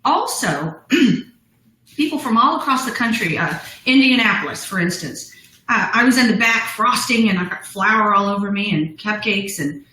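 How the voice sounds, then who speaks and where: A woman's voice: mid-range voice, expressive, moderate pace, bright, forceful tone, roomy sound, low-quality recording. A middle-aged woman, a business founder, telling her story as a guest in a live interview, bubbly and laughing often. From United States.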